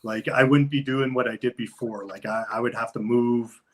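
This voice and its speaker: A man's voice: medium pitch, steady tone, moderate pace, a bit bright, rough recording. A man talking loosely as an interview guest, rambling with lots of filler words. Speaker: guest, wrestler. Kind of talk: casual interview chat.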